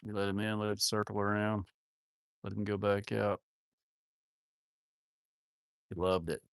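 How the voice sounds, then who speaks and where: A man's voice: fairly low pitch, flat delivery, a little slow, creaky, clear, resonant tone, dry recording, studio quality. A man hosting a casual farm livestream, rambling and joking with viewers in a self-mocking way with crude words. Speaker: livestream host of a cattle farm channel. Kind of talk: casual live-stream chat reading viewer comments.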